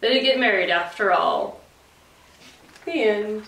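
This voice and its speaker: A woman childcare teacher reading a picture book aloud at story time, affectionate and expressive. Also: medium pitch, measured pace, vocal fry. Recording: roomy, distant mic.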